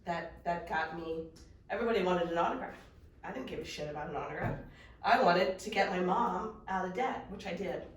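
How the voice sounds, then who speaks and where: Animated woman coaching a live room. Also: lowish voice. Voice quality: animated, fast storytelling with laughs. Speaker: mindset coach. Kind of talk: live workshop talk. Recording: echoey room, voice from far off.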